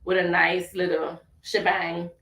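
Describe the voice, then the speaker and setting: A woman hosts a casual radio talk show, upbeat and motivational, laughing easily despite being a little under the weather with a tight throat. Her fairly low, fairly bright voice has vocal fry, a level tone, and a measured pace. The audio is poor, roomy, and from a distant mic.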